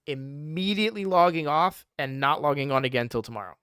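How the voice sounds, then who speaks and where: Man streamer, fairly high voice, smooth and clear, tired, rambling casual chat. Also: normal speed, fairly bright tone, dry recording, studio quality. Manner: rambling, with frequent restarts. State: sleepy, yawning. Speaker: game streamer.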